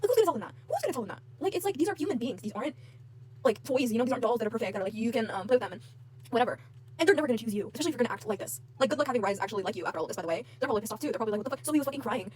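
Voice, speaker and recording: A woman's voice: on the high side, lively intonation, rapid-fire, a little hiss or hum. A woman vlogger in a casual rant to camera, heated and frustrated, with lots of fillers and swearing.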